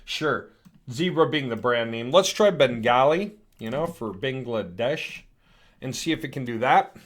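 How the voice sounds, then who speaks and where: A man hosting a casual software demo, chatty and thinking aloud as he clicks through. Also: mid-range voice, animated, unhurried. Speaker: host demonstrating software. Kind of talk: casual screen-recorded product demo.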